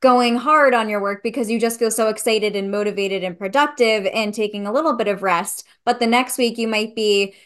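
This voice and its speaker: A woman's voice: fairly high pitch, fairly quick, few pauses, fairly bright tone, clear, resonant tone. A woman interviewing a guest in a casual chat, affirming and encouraging as she asks her questions.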